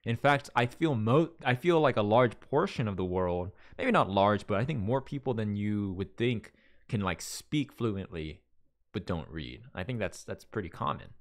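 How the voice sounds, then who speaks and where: This is a man from Las Vegas running a live stream, his voice on the low side and expressive at normal speed. In casual chat with viewers, he rambles, restarts his sentences, and reads their messages out loud.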